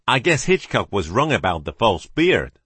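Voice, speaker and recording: A man's voice: fairly low pitch, sing-song, moderate pace, fairly bright tone, husky, dry recording, heavily acted. A man voicing a blunt, plain-spoken male investigator. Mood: earnest.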